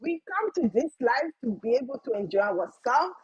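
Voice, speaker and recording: A mother of five giving an excited, effusive testimonial on a video call, often repeating herself. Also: on the high side, moderate pace, husky, no echo, highs cut off. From Canada. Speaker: guest business partner.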